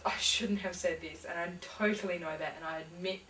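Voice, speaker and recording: A young adult woman tells her story in an interview, casual and hesitant, full of fillers and restarts. Her lowish voice is steady, brisk and fairly bright, picked up by a distant mic in an echoey room with a little hiss or hum.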